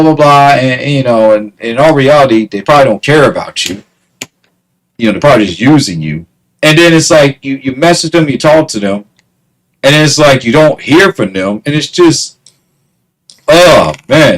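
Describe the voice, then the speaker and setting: Animated, exasperated man ranting. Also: mid-range voice, poor audio. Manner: animated, exasperated, repeats himself, laughs often. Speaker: vlogger. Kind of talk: casual ranting monologue.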